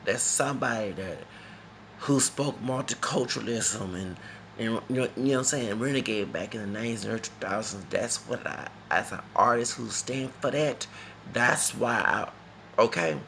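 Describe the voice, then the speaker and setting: A man's voice: mid-range voice, moderate pace, creaky, bright, forceful tone, slight background noise. A man from Texas, talking in a rambling, emphatic casual monologue that repeats itself and slips into Spanish phrases. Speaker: vlogger.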